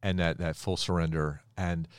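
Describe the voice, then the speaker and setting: A middle-aged man hosting a podcast, telling a Bible story in a lively way and acting out the quoted lines. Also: low voice, moderate pace, clear, resonant tone, dry recording, studio quality. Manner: animated storyteller who acts out the quoted lines. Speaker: podcast host. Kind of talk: casual Bible storytelling chat.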